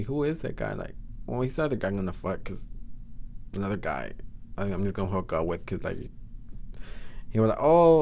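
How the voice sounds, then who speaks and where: A man's voice: fairly low pitch, a little mellow. A man with a Spanish accent hosting a podcast, telling a story in a blunt, profane, chatty way. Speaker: podcast host. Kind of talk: casual storytelling monologue.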